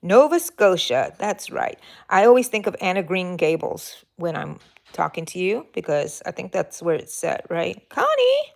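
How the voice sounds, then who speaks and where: A woman's voice: mid-range voice, gravelly. Chatty woman hosting a live crochet stream. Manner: chatty, answers viewers' chat comments aloud; rambling, self-interrupting asides. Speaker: crochet channel host. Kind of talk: casual live-stream chat while crocheting.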